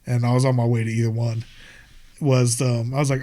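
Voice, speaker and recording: A man's voice: medium pitch, flat delivery, fast, dark tone. A young American man, a guest on a podcast, chatting casually in a rambling, profane, laid-back way. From United States. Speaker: podcast guest, skate filmer and wrestler.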